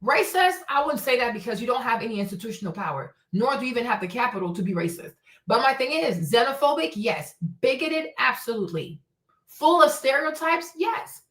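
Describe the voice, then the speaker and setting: A woman's voice: on the high side, lively intonation, a little fast, fairly bright tone, roomy sound. A woman from Africa hosting a stream, ranting in a blunt, heated, profane way and repeating her points. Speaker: host. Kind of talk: livestream commentary rant.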